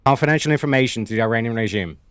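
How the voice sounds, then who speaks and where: A man moderates a debate, firing quick, pressing questions at a panelist. He talks fast, and his voice is recorded dry and close. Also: medium pitch, fairly bright tone, clean tone, dry recording.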